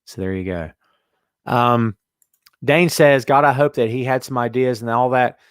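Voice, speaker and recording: A man hosting a casual wrestling talk show, animated and chatty, reading out listener comments. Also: mid-range voice, measured pace, smooth, no room sound, studio quality. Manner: animated, reads out chat comments. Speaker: podcast host.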